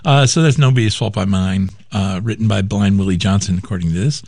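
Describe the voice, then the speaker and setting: A man's voice: on the low side, fairly quick, vocal fry, a little mellow, dry recording. A man hosting a music radio show, casually back-announcing songs and reading out band credits in an easygoing, playful way.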